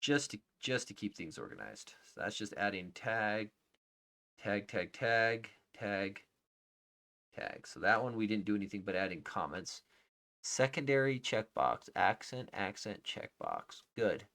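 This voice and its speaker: A man live-streaming his coding, reading out names as he checks them and thinking aloud, often trailing off into quiet murmurs. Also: on the low side, very animated, measured pace, creaky. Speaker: livestreaming software developer. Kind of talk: casual live-coding commentary.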